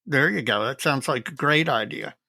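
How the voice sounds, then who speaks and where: A man co-hosting a podcast in casual chat, easygoing and quick to laugh. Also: mid-range voice, lively intonation, pushed and bright, no room sound, clean studio sound. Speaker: podcast co-host.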